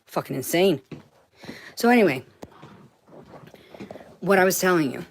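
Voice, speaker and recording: A woman talking to camera in a heated, profane monologue that keeps bursting into shouting. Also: lowish voice, lively intonation, unhurried, slight background noise.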